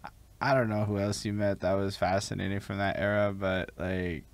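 A man's voice: sits low, fairly even intonation, moderate pace, a little hiss or hum. A man hosting a casual interview, reacting with encouraging comments. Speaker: interview host. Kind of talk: casual chat.

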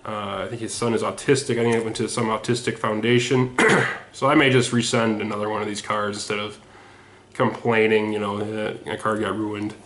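A man casually chatting about his collection on a home video, rambling with lots of ums and restarts, sweaty and a bit hoarse in the throat. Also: on the low side, level tone, a little fast, fairly bright tone. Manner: rambling and self-deprecating, with frequent ums and restarts. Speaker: sports autograph collector showing his mail returns. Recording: echoey room with faint noise.

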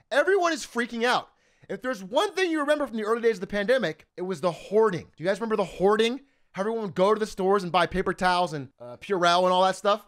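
A young male streamer with a high voice tells a rambling personal story. His delivery is animated and profane, with frequent laughter and wide swings in pitch. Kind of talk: casual storytelling.

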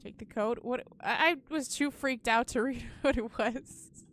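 A woman's voice: fairly high pitch, measured pace, fairly bright tone, a little hiss or hum. A young woman commenting on a horror game as she plays, easily spooked, shrieking, swearing and laughing nervously. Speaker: gaming video host.

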